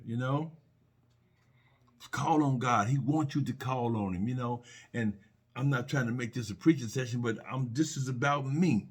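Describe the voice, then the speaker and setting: Husky middle-aged man, earnest and preachy, personal reflection, mid pitch. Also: normal speed. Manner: earnest, repetitive, preachy with restarts and rhetorical questions. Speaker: speaker sharing personal faith reflections.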